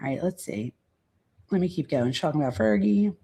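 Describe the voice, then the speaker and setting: A woman with a gravelly, creaky voice casually reads quotes aloud and comments on them. She hosts a true crime channel and stops now and then to look through her notes. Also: fairly low pitch, lively intonation, a little fast, dark tone.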